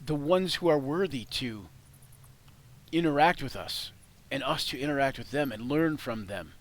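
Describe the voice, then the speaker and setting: A man voicing a stern male elf elder in a tabletop game, speaking formally and deliberately. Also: medium pitch, expressive, pitched above the performer's own voice, close to an everyday voice.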